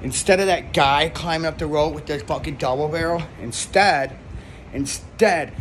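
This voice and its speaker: A man's voice: a little high, steady tone, a little fast, a little hiss or hum. Young man rambling through a comic story. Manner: rambling, heavy swearing, lots of "like". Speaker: comedian.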